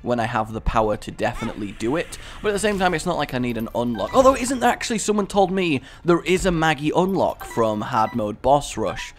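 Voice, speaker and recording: A man's voice: mid-range voice, big pitch swings, brisk, hardly any pauses, faint music behind. A man giving casual, rambling commentary over a game he is playing, with self-mocking jokes and asides. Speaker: gaming commentator.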